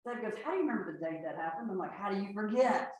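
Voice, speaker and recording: A woman, giving a folksy, lively inspirational talk to an audience. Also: mid-range voice, very fast, distant mic, a little hiss or hum. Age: 60s. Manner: folksy, lively storyteller, laughs often. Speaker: retreat speaker. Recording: echoey hall, speaker off mic.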